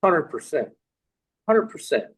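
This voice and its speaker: A middle-aged man from Tennessee, a podcast guest, tells a long, rambling anecdote full of restarts and asides in a casual way. His voice is husky, on the high side and very animated, at a measured pace, and the audio is poor.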